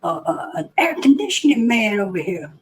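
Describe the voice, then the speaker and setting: A man voicing a young male navy petty officer who bullies recruits, shouting and drawling. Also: sits high, very animated, moderate pace, voice pushed up, exaggerated voice. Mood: yelling.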